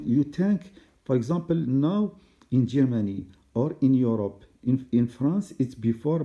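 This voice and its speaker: Hesitant man with a very dark voice. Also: mid-range voice. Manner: halting non-native English, many fillers and restarts. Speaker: commentator. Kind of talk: hesitant solo monologue. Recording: dull lo-fi recording.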